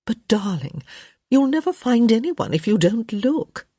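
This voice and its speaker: A woman's voice: a little high, very animated, measured pace, mellow, breathy edge, no echo, clean studio sound, voice pushed up, full character voice. A woman voicing a middle-aged society mother who frets about her daughter's marriage, insistent and coaxing.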